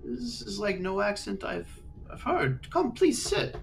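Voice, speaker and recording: A man's voice: high-pitched, big pitch swings, a little slow, creaky, faint music behind, pitched above the performer's own voice, full character voice. A man voicing a suspicious male noble lord who is polite but probing. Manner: prying, courteous then blunt.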